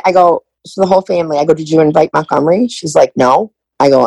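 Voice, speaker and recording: A middle-aged woman shares her own story as a podcast guest, with a gravelly, low-pitched voice. She talks candidly and emotionally, slipping into the voices of the people she quotes. The sound is dry and close. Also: a little fast, dark tone, no echo, poor audio. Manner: emotional, candid, acts out past conversations. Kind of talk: personal storytelling in a podcast interview.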